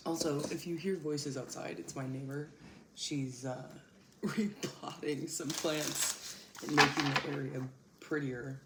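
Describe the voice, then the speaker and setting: This young woman hosts a casual tarot reading on her channel, speaking slowly in a deep voice with fairly even intonation. She's chatty, laughs often and swears casually, and the echoey room carries loud background noise.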